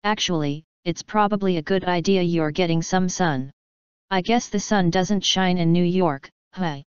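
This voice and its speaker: Woman reading as playful athletic young guy, low voice, crisp and dry. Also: normal speed, dry recording, close to an everyday voice. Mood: teasing. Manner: playful, teasing. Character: teasing athletic young man. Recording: dry, slightly dull studio recording.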